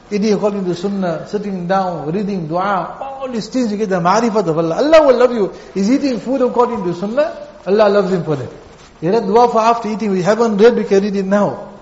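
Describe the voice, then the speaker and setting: A man's voice: high-pitched, a little mellow. A man preaching a sermon, telling stories and repeating phrases for emphasis. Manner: storytelling with repeated phrases and acted quotes. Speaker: Islamic preacher. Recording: dull echoey hall.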